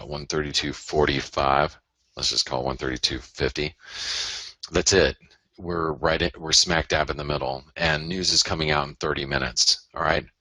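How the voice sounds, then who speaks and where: A man with a very low voice talks through live market charts, chatty and loose, and he keeps addressing his viewers. His tone is forceful and bright. The recording is dry and close, with no room sound. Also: creaky, no room sound. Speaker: forex webinar host. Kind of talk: casual live market analysis.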